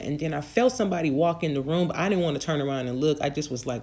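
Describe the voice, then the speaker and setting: A woman's voice: low-pitched, steady tone, racing, few pauses, darkish tone. Woman host, casual storyteller, rambling delivery with frequent fillers. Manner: rambling, full of fillers and restarts. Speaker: channel host.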